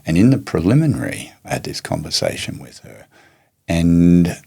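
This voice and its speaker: Male guest, low husky voice, reflective storyteller. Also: wildly swooping pitch, mellow. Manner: reflective, unhurried anecdotes with many restarts. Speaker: martial arts teacher and guest. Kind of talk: storytelling in a podcast interview.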